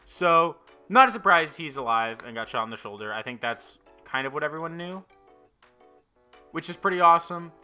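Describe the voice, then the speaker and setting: A man's voice: on the high side, animated, moderate pace, sharp tone, smooth, faint music behind. A young man casually reviewing manga chapters, swearing a lot and talking with frequent fillers and an exasperated edge. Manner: profane, exasperated, lots of fillers.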